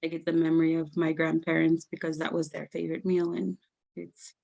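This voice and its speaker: Young woman telling family stories at a storytelling event, lots of laughing, chatty and lively. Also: sits low, a little fast, vocal fry. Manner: animated, laughs often, acts out family members in raised voices. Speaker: guest storyteller. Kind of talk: personal storytelling at a live event.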